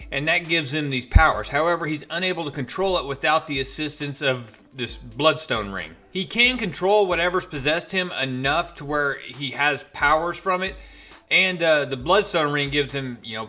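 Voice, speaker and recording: A man's voice: fairly high pitch, sharp tone. A man casually retelling a comic issue in a loose, chatty way with plenty of fillers and asides. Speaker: comic book reviewer. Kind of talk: casual spoken recap.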